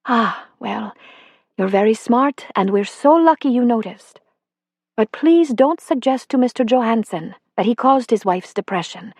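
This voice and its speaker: A woman voicing a gently accented kind doctor. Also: a little high, lively intonation, no room sound, studio quality, voice pushed up. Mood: calm reassuring. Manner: gentle, measured and reassuring. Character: calm, kind female doctor with a slight accent.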